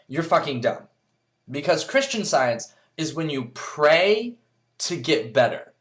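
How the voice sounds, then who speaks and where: A man vlogging in a casual monologue, rambling and blunt, swearing freely and filling pauses with "uh" and "um". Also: fairly high pitch. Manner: rambling, blunt and profane, with many fillers.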